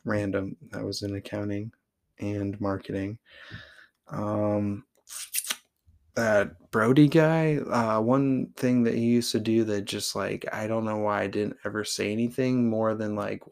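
A man's voice: lowish voice, little pitch movement, a little slow, gravelly, darkish tone. A man in his thirties from Oregon hosting a podcast, telling personal stories in a rambling, blunt way and saying "like" constantly. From Oregon, USA. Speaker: podcast host. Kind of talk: casual personal storytelling.

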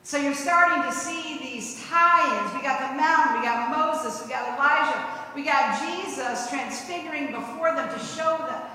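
A woman's voice: high-pitched, moderate pace, hardly any pauses, bright, forceful tone. A middle-aged woman pastor preaching a conversational, vivid sermon full of rhetorical questions, recorded in a church sanctuary. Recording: echoey church hall.

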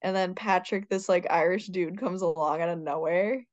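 A woman's voice: lowish voice, normal speed, no echo. Chatty woman on a dull, dry mic. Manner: chatty, opinionated and playful. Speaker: podcast co-host. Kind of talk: casual chat.

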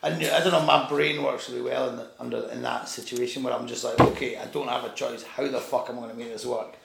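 A man with a gravelly, medium-pitched voice talks fast in a steady, slightly bright tone. He tells a rambling anecdote in casual chat, restarting often, swearing, and acting out the voices of the people involved. The recording has an echoey room sound.

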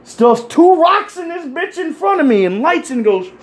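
A man telling crude stories in casual chat, animated and acting out the people he quotes. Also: extremely high pitch, moderate pace, a little hiss or hum. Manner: animated, acts out quoted voices. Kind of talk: casual profane storytelling.

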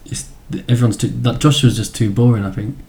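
A man's voice: medium pitch, fairly even intonation, brisk, a little mellow. A British man co-hosting a podcast, giving laid-back, opinionated takes and mocking things dryly. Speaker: podcast co-host. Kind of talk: casual chat.

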